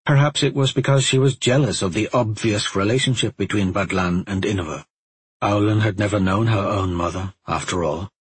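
A man reading a fantasy novel aloud in a measured storytelling manner. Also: fairly low pitch, breathy edge, no room sound, low-quality recording. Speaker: audiobook narrator. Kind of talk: scripted narration.

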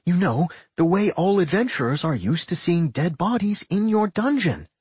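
A man voicing a worried, sharp-minded female pixie who thinks aloud and scolds her partner. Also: sits high, lively intonation, normal speed, husky, dry recording, pitched above the performer's own voice, exaggerated voice.

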